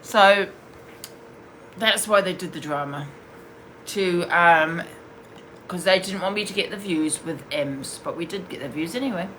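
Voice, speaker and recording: Woman ranting on her live, low-ish voice but bright and punchy, bit of faint noise behind. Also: measured pace. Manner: blunt, scornful, answering viewers' comments. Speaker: live-streamer. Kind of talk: heated live-stream rant.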